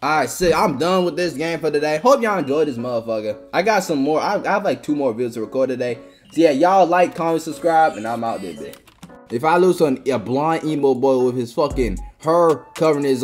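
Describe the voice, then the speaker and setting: A woman giving profane, excitable live commentary while playing a game, swinging from low mutters to sudden outbursts. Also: moderate pace, soft background music. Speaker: gaming channel host.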